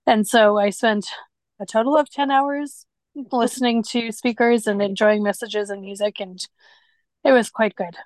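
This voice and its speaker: A woman's voice: mid-range voice, steady tone, moderate pace, dry recording. Chatty woman podcast co-host. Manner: chatty, laughs easily. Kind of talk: casual chat.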